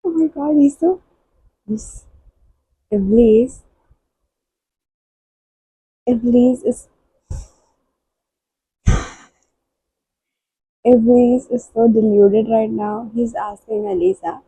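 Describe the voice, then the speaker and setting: A woman book vlogger giving soft, halting and emotional reactions while reading. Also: fairly high pitch, a little hiss or hum, low-quality recording.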